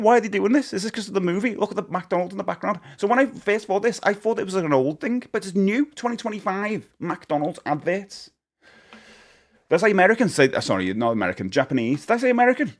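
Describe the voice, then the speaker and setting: A man chatting casually to his live-stream viewers. He rambles and corrects himself as he goes, and he laughs often. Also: sits high. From United Kingdom.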